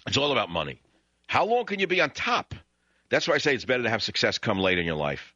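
A man's voice: medium pitch, big pitch swings, fast talker, sharp tone, no room sound, dull audio. A man with a New York accent hosting a talk radio show, ranting sarcastically in an opinionated monologue that swings into sudden outbursts.

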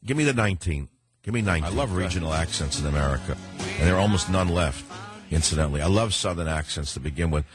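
A man's voice: deep voice, lively intonation, fast, over music. An older man with a New York accent, hosting a talk radio show in a rambling, combative monologue.

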